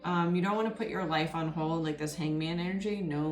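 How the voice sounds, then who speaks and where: Woman, tarot reader, chatty and rambling, deep for a woman, echoey room. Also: brisk, hardly any pauses. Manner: chatty and rambling, many ums and you-knows. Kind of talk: casual spoken tarot reading. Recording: roomy echo with faint music underneath. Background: faint background music.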